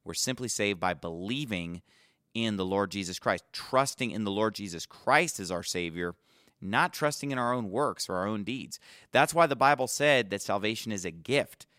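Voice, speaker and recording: A man's voice: on the low side, animated, normal speed, sharp tone, dry recording, clean studio sound. A man preaching a gospel sermon, earnest and emphatic, quoting scripture as he goes.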